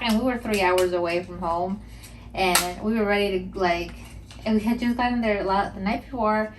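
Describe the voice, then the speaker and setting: A woman's voice: mid-range voice, normal speed, noisy background. A young woman hosting a mental health podcast, talking casually and emotionally in a rambling vlog monologue full of "like". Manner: rambling and emotional, heavy use of filler "like".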